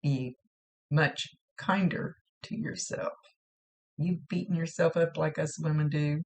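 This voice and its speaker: A woman psychic medium giving a gentle, reassuring spoken reading to a viewer, often repeating herself. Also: sits low, fairly even intonation, slow.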